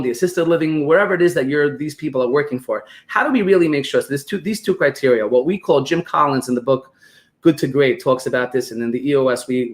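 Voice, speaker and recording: A man with a New York accent, a guest on a podcast interview, explaining business ideas through animated stories and acted-out quotes. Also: fairly high pitch. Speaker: guest expert on business operations.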